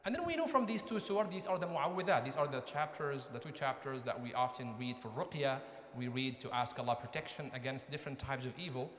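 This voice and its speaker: A man's voice: medium pitch, fairly quick, fairly bright tone. A man giving a conversational mosque lecture, often asking the audience questions. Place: mosque hall. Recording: echoey hall with long reverb.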